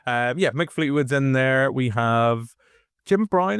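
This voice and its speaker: A Northern Irish man co-hosting a movie review podcast, rambling casually with restarts and animated asides. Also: mid-range voice, slow, clear, resonant tone, no echo, studio quality. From Northern Ireland. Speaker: podcast co-host.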